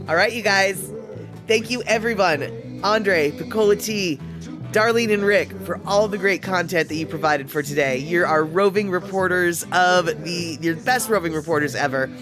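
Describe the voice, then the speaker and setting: A woman hosting a live stream, chatting casually and rambling with lots of fillers. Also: on the low side. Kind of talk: casual chat.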